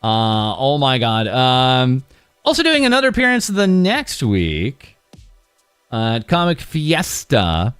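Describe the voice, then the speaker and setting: A man's voice: medium pitch, huge pitch swings, slow, fairly bright tone, clean tone, no echo, faint music behind. A man casually commenting over clips as host of a news show, rambling with many uhs. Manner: rambling, full of uhs and laughs.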